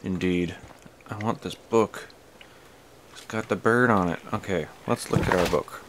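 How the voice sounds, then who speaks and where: A man's voice: low voice, measured pace, fairly bright tone, slight background noise. A man casually commenting while playing a game, rambling, swearing and talking to himself. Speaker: gameplay commentator. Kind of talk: casual let's-play commentary.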